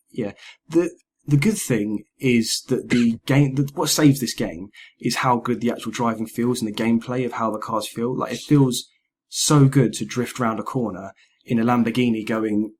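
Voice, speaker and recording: A man's voice: medium pitch, breathy edge. A man chatting casually about video games on a podcast, acting out characters' lines as he goes. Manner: animated, acts out quoted lines. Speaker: podcast host. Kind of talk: casual gaming chat.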